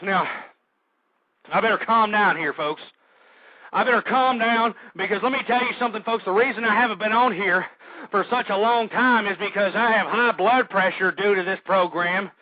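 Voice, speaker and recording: Male radio host, high pitched, agitated ranting monologue, lo-fi radio sound. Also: normal speed, dry recording. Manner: ranting, agitated, shouting at times. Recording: dull lo-fi dry radio recording.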